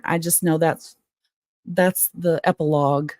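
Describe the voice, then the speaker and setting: A woman's voice: low voice, steady tone, darkish tone, no echo, studio quality. A woman hosting a casual live stream from home, reading a book aloud and chatting frankly with viewers. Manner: chatty, frank, quick to get worked up. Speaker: livestream host.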